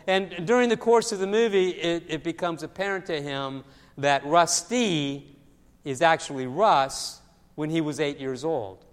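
A man preaching a sermon as pastor, telling stories in a lively way and often repeating his words. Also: a little high, a little slow, smooth. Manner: storytelling, animated with acted voices, repeats words. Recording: long hall reverb.

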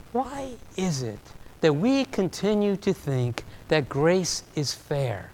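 A man preaching a sermon, telling a story with animation and swinging between loud and soft delivery. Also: a little high. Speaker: pastor. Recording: long reverb of a large hall.

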